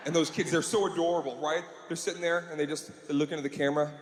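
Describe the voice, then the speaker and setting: A man doing a stand-up comedy routine in a live venue, telling stories animatedly with profanity and quick switches between voices. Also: a little high, little pitch movement. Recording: roomy live room with crowd noise.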